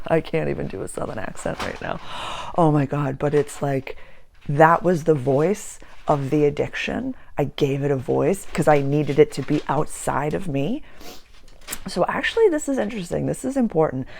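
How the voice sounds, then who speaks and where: A woman astrologer and channeler in casual spiritual talk, earnest, slowing down and repeating words for emphasis. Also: low-pitched, animated, gravelly, darkish tone, slight background noise.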